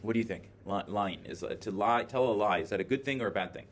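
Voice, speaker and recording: A man's voice: fairly low pitch, quick pace, a little hiss or hum. Man lecturing a class, lots of ums. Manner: explains by thinking aloud, many filler words. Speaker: teacher. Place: classroom with a screen. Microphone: video camera in the classroom.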